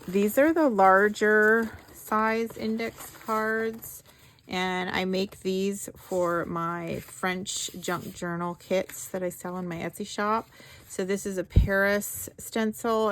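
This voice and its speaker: A woman hosting a craft video, talking slowly and softly as she walks through her project with gentle enthusiasm. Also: medium pitch, fairly even intonation, slight background noise. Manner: slow, soft-spoken, gently enthusiastic. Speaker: craft channel host. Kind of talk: craft-along narration.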